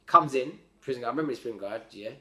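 A man telling his story as a podcast guest in a slangy, rambling, animated way. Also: mid-range voice, rapid-fire. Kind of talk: casual storytelling. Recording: roomy echo.

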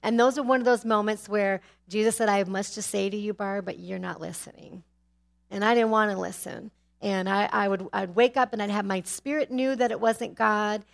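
Gravelly-voiced woman sharing testimony. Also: mid-range voice, brisk. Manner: candid, animated storytelling with sudden drops to a hushed tone. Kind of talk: personal testimony talk.

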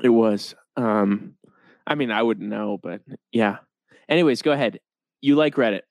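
A man's voice: on the low side, moderate pace, no room sound. Dry-talking young man, dead-dry sound. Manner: dry, joking, puts on goofy voices. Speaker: podcast co-host. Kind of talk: casual comedic chat.

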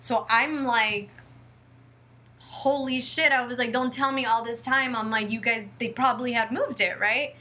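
A woman's voice: a little high, steady tone, normal speed, few pauses, pushed and bright. A woman telling a personal story in a casual, rambling way, full of fillers and acted-out quotes, and close to tears.

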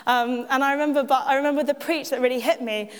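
Recorded in an echoey hall, this church speaker talks fast in a high, steady, clean-toned voice. Her personal testimony is conversational and self-mocking, dotted with laughter and remarks to the listeners.

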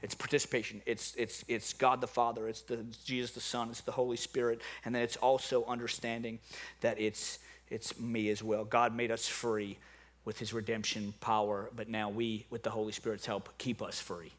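A middle-aged man with a New Orleans accent preaching a sermon. He starts low and quiet, then builds to loud preaching. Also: little pitch movement, moderate pace. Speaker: pastor.

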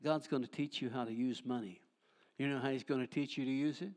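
Fervent older preacher shouting hallelujahs. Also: male voice, medium pitch, fairly even intonation, fast. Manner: fervent, punctuates with hallelujahs, folksy humor. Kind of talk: charismatic sermon.

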